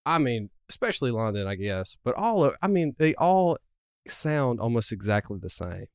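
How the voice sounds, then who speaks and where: Rambling man with a clear, lively voice. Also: medium pitch, normal speed, dry recording, clean studio sound. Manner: rambling, restarts often. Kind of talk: casual chat.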